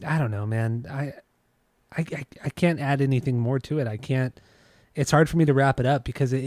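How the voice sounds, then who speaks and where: A man hosting a music podcast, talking loosely with lots of restarts and casual swearing. His voice sits in a middle pitch. The sound is dry and close, with little room echo. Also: warm tone. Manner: rambling, restarts and swears freely. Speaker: podcast host.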